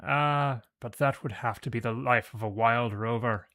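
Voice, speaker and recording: A man's voice: medium pitch, moderate pace, no room sound. A man putting on a hearty Irish giant. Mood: wistful. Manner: thick brogue, loud and hearty. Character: burly red-bearded Irish giant, boisterous drinker.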